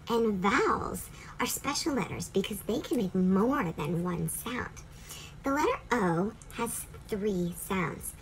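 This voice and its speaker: A woman teaching a children's phonics lesson, cheerful, drawing out each letter sound slowly for young learners. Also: medium pitch, a little hiss or hum. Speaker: reading teacher.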